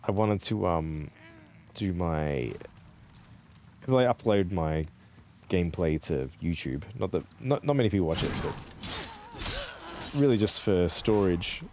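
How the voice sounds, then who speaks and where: Excitable, lively streamer man. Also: low voice, unhurried, long pauses, slight background noise. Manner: excitable, laughs and swears often. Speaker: streamer playing a game. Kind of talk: live game stream chat.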